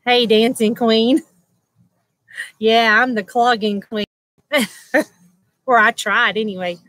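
A woman hosts a relaxed livestream, chatting and calling out viewers by name. Her voice sits a little high with a bright, crisp edge, and she takes her time. The sound is dry and close. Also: slow, dry recording, poor audio. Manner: chatty, greets viewers by name, laughs often. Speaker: livestream host. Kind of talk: casual livestream chat. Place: at home beside a loud air conditioner.

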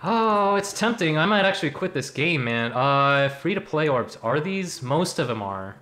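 A man's voice: a little high, big pitch swings, normal speed, pushed and bright, soft background music. A young man streaming a mobile game, joking and rambling with lots of fillers and slang. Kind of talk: casual gacha stream commentary.

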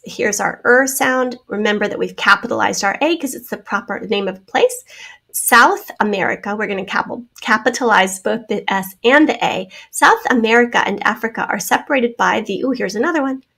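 A woman's voice: on the high side, gravelly, fairly bright tone. A woman teaching a spelling lesson to children, explaining each word patiently step by step.

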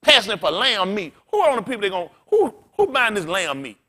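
A man's voice: high voice, wildly swooping pitch, brisk, pushed and bright. A man pastor preaching a sermon in a blunt, colloquial way, swearing freely and firing questions at the congregation.

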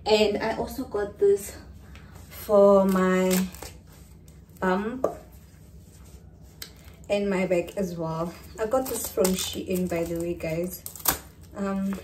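Slow-talking South African woman vlogger. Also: mid-range voice, fairly even intonation, darkish tone, distant mic, slight background noise. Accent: South African English. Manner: chatty, keeps calling out to viewers as guys. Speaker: lifestyle vlogger. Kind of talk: casual chat to camera. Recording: echoey room, voice off-mic.

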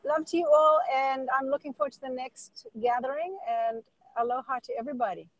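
A woman's voice: high-pitched, brisk, low-quality recording. A woman with a South African accent, a student joining a webinar by video call from her car, talking in a chatty, rambling way. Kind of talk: casual chat.

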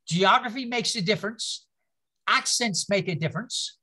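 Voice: medium pitch, normal speed, pushed and bright, slightly rough. A teacher leading a church history class, speaking in an informal, rambling lecture full of anecdotes, restarts and asides to the group.

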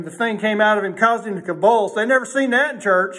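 A man preaching a sermon in a folksy way, emphatic and swinging between loud and hushed delivery. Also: high voice, quick pace.

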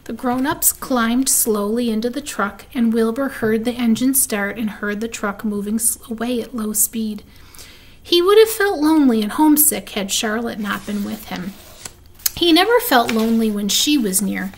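Female storybook reader, slightly high voice, steady delivery. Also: normal speed. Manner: steady, with small restarts. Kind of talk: reading a children's book aloud.

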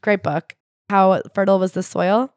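A woman co-hosting a podcast, retelling a book in a casual, animated way and acting out the quotes. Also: normal speed, dry recording, studio quality. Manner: animated storyteller, acts out quotes with sharp pitch jumps. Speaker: podcast co-host. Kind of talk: casual book-club chat, retelling a story.

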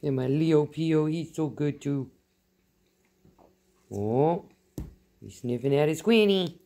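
A woman's voice: sits low, slow pace, mellow, a little hiss or hum. A woman hosting a home pet vlog indoors, talking in sing-song baby talk to a cat and laughing often. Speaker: vlog host. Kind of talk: casual chat, cooing to pets.

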